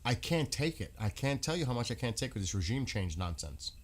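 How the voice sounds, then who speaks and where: A man talks through the news live in a loose, off-the-cuff way. He sounds exasperated and fires off one rhetorical question after another, at an ordinary mid-range pitch. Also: very animated, a little fast. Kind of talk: casual live commentary on news clips.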